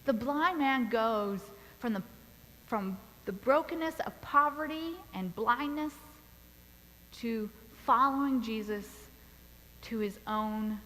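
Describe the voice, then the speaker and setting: Woman pastor, sermon, deliberate storytelling, bright ringing tone, long church reverb. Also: on the high side. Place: church sanctuary.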